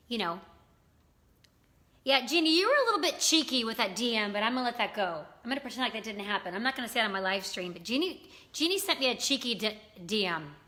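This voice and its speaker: Woman, live-stream host, bright and slightly high, loose chatty delivery with lots of fillers. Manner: chatty, greets viewers by name, many fillers. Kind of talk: casual live-stream chat reading comments.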